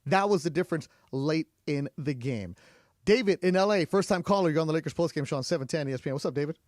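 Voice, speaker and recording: A man hosts a sports radio show from the studio. His voice sits a little on the high side, and he drives his points with punchy rhetorical questions. The sound is close and dry with no room around it. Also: animated, quick pace, darkish tone, no room sound. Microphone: studio microphone.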